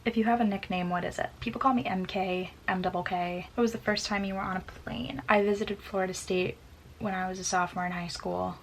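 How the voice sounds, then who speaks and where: A woman's voice: mid-range voice, slight background noise, rough recording. A woman in her twenties chatting casually through a get-to-know-me question list, giggling often and filling with "like". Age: 20s. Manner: chatty, giggly, many "like" fillers. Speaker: vlogger. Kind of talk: casual Q&A tag video.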